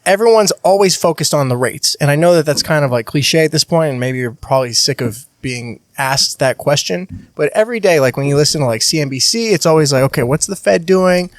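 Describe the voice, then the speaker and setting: Animated podcast co-host, a man. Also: fairly high pitch, brisk, hardly any pauses, dry recording, studio quality. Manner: animated, many "like" fillers. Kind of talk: casual chat.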